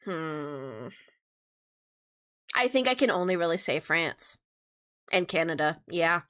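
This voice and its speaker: A woman's voice: low voice, big pitch swings, takes it slowly, pushed and bright. A young woman streamer chatting casually with her viewers, playful and teasing as she answers questions.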